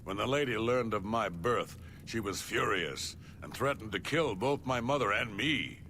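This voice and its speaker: A man's voice: fairly low pitch, animated, pushed and bright, slight background noise. An earnest fighter seeking his birthright. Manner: measured, earnest storytelling.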